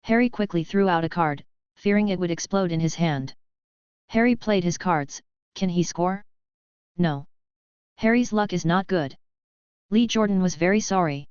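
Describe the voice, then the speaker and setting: A woman with a lower voice reads a storybook aloud in a steady, unhurried way. Her tone is very smooth and clean, close and dry, though the audio sounds a little muffled. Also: dry recording. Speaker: audiobook narrator. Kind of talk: flat scripted narration.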